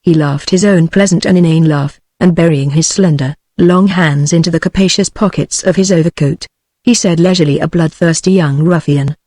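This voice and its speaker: A woman's voice: lowish voice, brisk, no room sound. Synthetic British female narrator, dry close sound, evenly paced audiobook reading, no character voices. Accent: British English. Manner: even, unacted reading of all characters.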